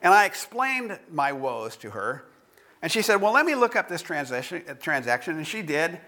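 A male pastor preaching a sermon with a personal story. His voice is a little high and very bright. He tells the story in a lively, expressive way and lets the prayer drop to a hushed tone. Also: normal speed. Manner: animated storytelling with laughs, then hushed prayer.

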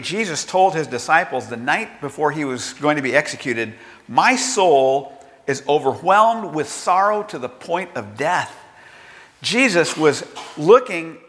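A man's voice: fairly high pitch, bright, forceful tone, long reverb tail. An older man preaching a sermon in a conversational way, asking rhetorical questions and acting out quotes. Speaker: pastor.

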